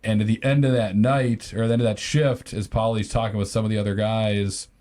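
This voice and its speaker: A man's voice: on the low side, flat delivery, a little fast, darkish tone. A man co-hosting a podcast, improvising a story with many fillers and restarts. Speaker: podcast co-host.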